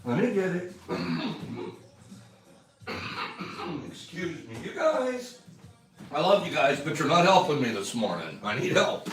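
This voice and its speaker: An older American man hosting a casual livestream, chatting playfully with viewers and breaking into excited shouts. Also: slow, long pauses. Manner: playful, jokey, swings from low mumbles to excited shouts. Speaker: host of a mushroom livestream.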